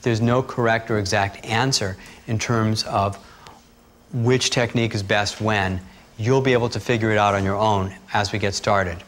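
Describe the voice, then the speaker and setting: A man teaching breathing techniques, talking calmly and steadily through guided instructions. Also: lowish voice, moderate pace, slight background noise. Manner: calm, steady instructional talk with asides.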